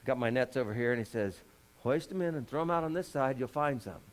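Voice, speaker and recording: A man's voice: mid-range voice, expressive, quick pace. A man preaching a conversational sermon as a pastor, folksy and joking, with lots of rhetorical questions.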